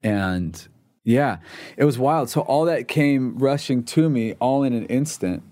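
A man's voice: mid-range voice, animated, unhurried, warm tone, no echo. A man in his forties from Pasadena, California, a podcast guest talking earnestly in casual interview talk, restarting words as he goes. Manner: earnest, repeats words when starting.

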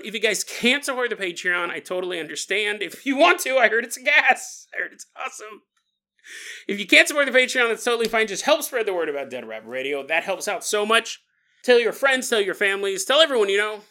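A man's voice: sits high, lively intonation, fairly quick, sharp tone. A man hosting a podcast, telling a story in a playful, rambling way and laughing often. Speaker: podcast host.

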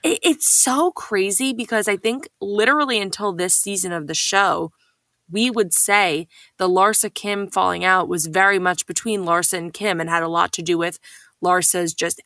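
A woman with a bright, gravelly voice co-hosts a pop-culture podcast, gossiping with animated energy and swearing casually. The recording is dry and close. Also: fairly low pitch, no echo. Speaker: podcast co-host. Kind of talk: casual chat about reality TV.

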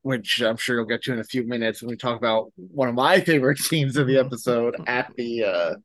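A man's voice: medium pitch, a little fast, fairly bright tone, no room sound. A man giving opinionated asides in a casual podcast chat. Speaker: podcast panelist.

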